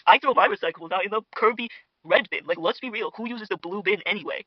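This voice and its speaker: A man's voice: high-pitched, fast, no room sound, highs cut off. A young man rambling in a gossipy, mock-outraged way as host of a parody internet drama commentary, full of fillers and asides to viewers. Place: home dinner table. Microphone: podcast mic.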